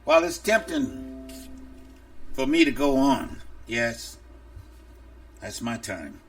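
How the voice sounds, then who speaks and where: A man's voice: fairly high pitch, huge pitch swings, takes it slowly, gravelly, distant mic. A male preacher delivering an impassioned, emphatic sermon for a podcast, openly angry.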